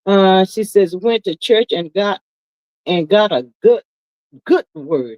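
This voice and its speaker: A woman hosting a relaxed livestream chat. Her voice sits at a middle pitch and is recorded close and dry. She reads out viewer comments, greets people warmly by name and stretches her welcomes into sing-song calls, sprinkling in "child" and "honey.". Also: no echo, muffled recording. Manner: sing-song, drawn-out calls of "come on in the room"; Southern-style endearments like "child" and "honey". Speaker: livestream host. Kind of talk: casual live-stream chat reading comments.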